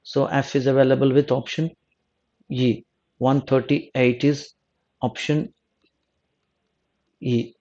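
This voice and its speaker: A man's voice: mid-range voice, little pitch movement, slow pace, pauses often, mellow, dull audio. A male exam coaching teacher working through test answers, often restarting and rephrasing as he talks. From South India. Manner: repeats himself, rephrases mid-sentence, asks "no?".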